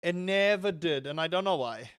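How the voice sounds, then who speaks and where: A man's voice: on the high side, lively intonation, normal speed, a bit bright, clear, resonant tone, dry recording, clean studio sound. A young man on a casual gaming livestream. He rambles, swears, answers chat and reacts to the game.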